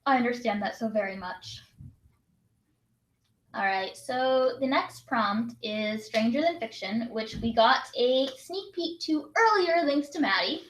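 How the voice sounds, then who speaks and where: A woman's voice: a little high, expressive. A young woman co-hosting a virtual writing session in casual chat, reading prompts aloud and laughing often. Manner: bubbly, quick to laugh, reads prompts aloud. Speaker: write-in co-host. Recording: roomy echo.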